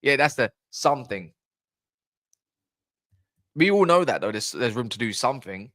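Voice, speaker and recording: A man's voice: medium pitch, very animated, normal speed, fairly bright tone, dry recording, studio quality. A man hosting a football fan channel, chatting casually on a live stream in a blunt, rambling way and swearing freely.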